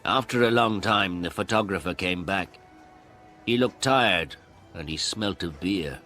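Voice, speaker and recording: A man narrating a storybook for English learners in a slow, clear, deliberate way. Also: sits low, pushed and bright, faint music behind.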